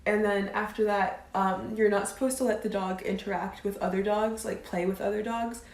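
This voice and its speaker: A woman's voice: medium pitch, a little mellow. A woman in her twenties from the United States, chatting casually on a live stream and answering viewer comments, with lots of "um" and "like". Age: 20s. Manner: chatty, fillers like "um" and "like". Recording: roomy echo.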